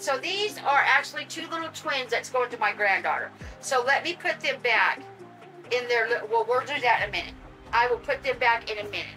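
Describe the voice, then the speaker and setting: Older woman, excitable unboxing vlogger, high voice, faint music under. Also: poor audio. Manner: gushing, excitable, talks to her audience and pets. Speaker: vlogger unboxing reborn dolls. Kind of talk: casual unboxing vlog.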